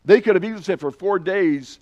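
A man's voice: high voice, a little fast, darkish tone, muffled recording. A man preaching a sermon, earnestly retelling and reading scripture passages aloud with emphasis. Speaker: pastor.

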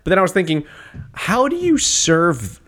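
A man co-hosting a podcast in casual chat, animated, slipping into a posh waiter's voice for short bits. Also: sits high, normal speed. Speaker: podcast co-host.

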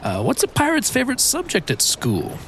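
A man's voice: extremely high pitch, huge pitch swings, a little fast, a bit bright, slight background noise. A man playing the exasperated first mate in a children's skit, talking in a flustered, stammering way.

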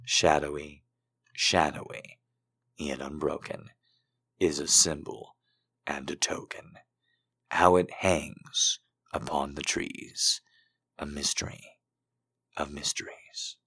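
A man with a very deep, low voice hosts a comedic show. He reads poetry in a slow, booming, theatrical way and flirts and jokes with callers in between. His talk is unhurried and playful. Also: steady tone, pushed and bright, husky. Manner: flirty, joking banter. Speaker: host reading poems and taking fan calls. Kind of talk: comedic live show with dramatic poetry reading.

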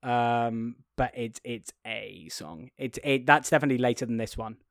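A man co-hosting a casual film discussion, talking with many restarts and often acting out quotes in high, silly voices. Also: normal speed, creaky, a bit bright, no room sound, clean studio sound. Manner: hesitant restarts. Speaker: podcast co-host.

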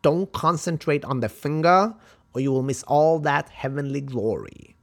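A lofty male martial arts master giving a lesson, as a Swedish man imitates him with his own accent. The voice sits higher and louder than his normal talk, with a gravelly edge. The delivery is mock-solemn and emphatic. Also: moderate pace. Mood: instructive.

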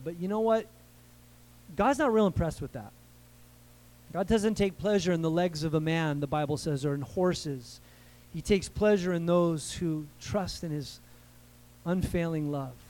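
A man's voice: high voice, poor audio. A man preaching a conversational sermon from the United States, asking his listeners questions and calling for amens. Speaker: pastor.

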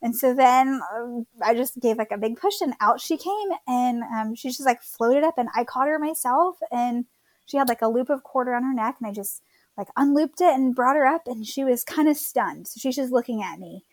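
A woman's voice: a little high, moderate pace, no echo. A woman in her thirties from Florida casually telling her birth story as a guest, chatty with many fillers.

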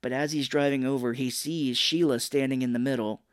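A man co-hosting a podcast, casually recapping a film with animated retellings, quick voiced impressions of characters and frequent laughs. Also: medium pitch, clear, resonant tone, dry recording, studio quality. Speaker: podcast co-host. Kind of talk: casual movie recap chat.

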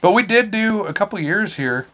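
A man's voice: high-pitched, expressive, normal speed, bright, forceful tone. Casual swearing man telling stories. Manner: swearing, storytelling. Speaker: podcast co-host. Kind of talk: casual chat. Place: home.

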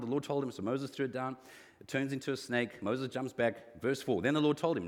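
Man, pastor, sermon, lively swinging pitch, long hall reverb. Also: a little fast. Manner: animated, acts out quoted lines with rising voice.

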